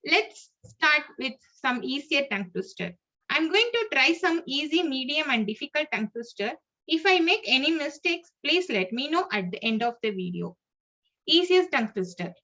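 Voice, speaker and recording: High, lively woman teaching pronunciation. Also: normal speed. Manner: reads list-like points with small slips and restarts. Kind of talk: lesson narration. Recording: muffled lo-fi audio.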